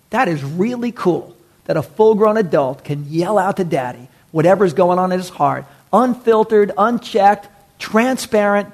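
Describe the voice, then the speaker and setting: A male pastor with a notably high voice delivers a sermon. He preaches in an animated way, building phrases up with force, then dropping almost to a whisper on key words. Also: creaky. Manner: animated preaching with big pitch swings and hushed drops.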